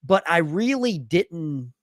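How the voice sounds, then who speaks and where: A man's voice: on the high side, big pitch swings, slow pace, no echo, studio quality. A man hosting a casual live stream, reading chat messages aloud with bursts of enthusiasm. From Arkansas.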